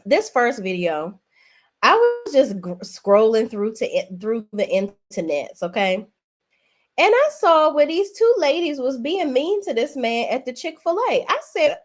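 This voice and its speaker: A woman's voice: a little high, big pitch swings, measured pace. A woman hosting a casual livestream, chatting in a sassy, talkative way and calling her viewers "y'all". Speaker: livestream host.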